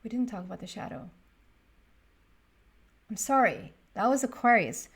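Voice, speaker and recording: A woman's voice: a little high, sing-song, normal speed, slightly rough. A woman giving a casual tarot reading to her viewers, chatty and thinking aloud as she talks to the cards. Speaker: tarot reader.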